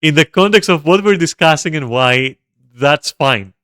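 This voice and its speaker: Young male streamer, rambling and profane, bright crisp tone, casual gameplay chatter. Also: a little high, lively intonation, normal speed, dry recording, studio quality. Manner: rambling, swears often, bursts into laughter. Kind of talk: casual gameplay commentary to chat.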